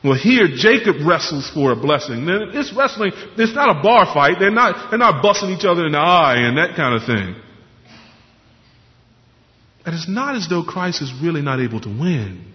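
A pastor preaching a sermon, explaining scripture earnestly and posing questions to the congregation. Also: male voice, fairly high pitch, very animated, brisk, few pauses. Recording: muffled sound with long hall reverb.

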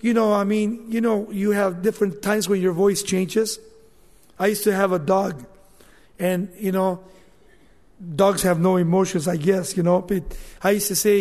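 A man's voice: high voice, steady tone, normal speed, darkish tone. A man preaching a sermon with passion, voicing the apostle's words as if speaking them himself. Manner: impassioned, voicing scripture as direct speech. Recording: long hall reverb.

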